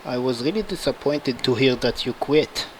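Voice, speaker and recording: A man's voice: mid-range voice, animated, moderate pace, a little hiss or hum, voice pushed down, lightly acted, low-quality recording. A man voicing a stern male agent boss, cold and curt.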